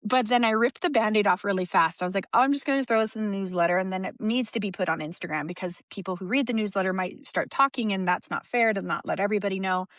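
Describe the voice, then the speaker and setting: A woman talks openly as a guest on a podcast. She is emotional and frank, circling back and restarting her thoughts with small laughs. Her voice sits at an ordinary pitch in a dry, close recording. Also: fast talker, few pauses, no room sound. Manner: open and emotional, rambling with restarts and soft laughs. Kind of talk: candid conversational interview.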